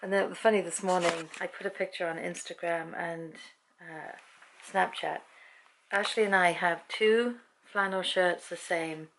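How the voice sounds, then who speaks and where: British woman, casual vlog storytelling, gravelly voice, lowish pitch. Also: fairly even intonation, a little slow, fairly bright tone, slight background noise. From Britain. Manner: chatty, laughs often, acts out quoted speech. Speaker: vlogger. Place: at home.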